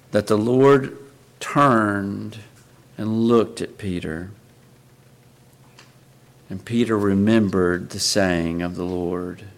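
A man preaching a sermon in an earnest way, often asking his listeners rhetorical questions. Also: on the low side.

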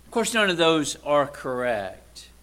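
A man preaches a sermon conversationally, asking listeners rhetorical questions and swinging between loud, emphatic lines and quiet, low asides. He's very animated and speaks a little slowly.

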